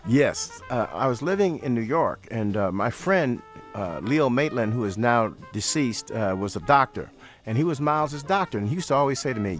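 An older man from St. Louis, telling stories as an interview guest in a relaxed manner, repeating phrases. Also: mid-range voice, fairly quick, faint music behind. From St. Louis, USA. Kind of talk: storytelling in an interview.

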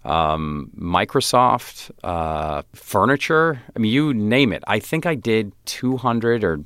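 A man, an actor guest on an interview show, telling animated, self-deprecating stories and acting out other people's lines. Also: on the low side, takes it slowly, clear, resonant tone, no room sound, clean studio sound. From United States. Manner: animated, self-deprecating, acts out quoted voices. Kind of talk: casual interview storytelling.

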